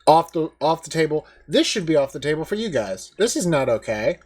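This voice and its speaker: A man's voice: on the high side, very animated, a little fast, husky. A man hosting a commentary video, talking in a casual, mocking, indignant way with many fillers.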